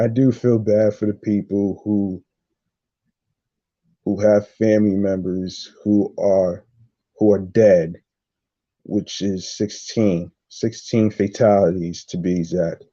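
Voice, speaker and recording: A man hosting a casual solo podcast, reading news aloud haltingly, repeating words and adding his own reactions. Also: on the low side, warm tone, dull audio. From New York. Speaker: podcast host.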